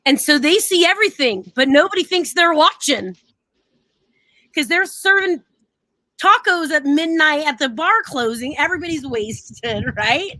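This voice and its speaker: A young woman co-hosting a casual live stream, telling animated stories and laughing often as she acts out what people said. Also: high-pitched, unhurried, no room sound. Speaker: co-host.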